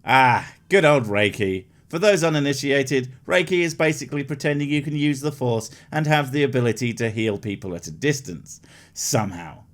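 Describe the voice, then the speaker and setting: Sarcastic man, lively pitch. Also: normal speed. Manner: sarcastic, mocking, animated. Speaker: comedy commentary host. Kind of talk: sarcastic video commentary.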